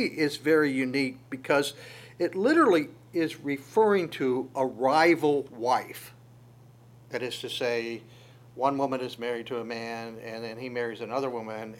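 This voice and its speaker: Male preacher, middle-pitched, conversational sermon, stammers and restarts, animated bursts of emphasis. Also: slight background noise. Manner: animated, jumps in pitch and loudness on key lines; stammers and restarts phrases often.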